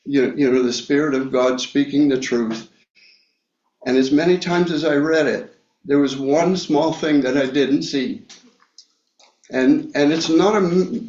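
Man preaching a bible study, real slow, lots of ums, dull echoey recording. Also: on the high side, darkish tone. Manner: slow, halting, many fillers and restarts. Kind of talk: Bible teaching sermon. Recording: echoey room, dull lo-fi sound.

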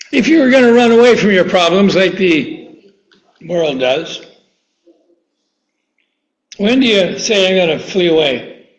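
A man with a high voice preaches a sermon at a slow, deliberate pace. He draws out each quoted verse with emphasis and keeps questioning his listeners. The sound is roomy and a little dull.

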